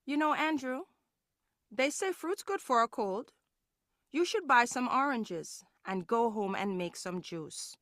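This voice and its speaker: A woman's voice: on the high side, lively intonation, a little slow, fairly bright tone, no echo, studio quality. A woman with a Caribbean English accent voicing a friendly woman in a scripted textbook dialogue. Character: friendly woman meeting an old acquaintance.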